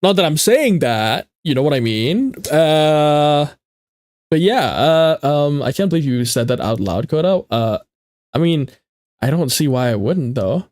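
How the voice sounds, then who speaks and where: A playful young man chats with his stream viewers, his somewhat high voice leaping up and down in pitch. His nose sounds stuffy, and he often trips over his words and repeats them. The recording is close and dry, with no room echo. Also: very animated, measured pace, darkish tone. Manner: chatty and playful, greets chat, stumbles and repeats himself. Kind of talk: casual livestream chat with viewers.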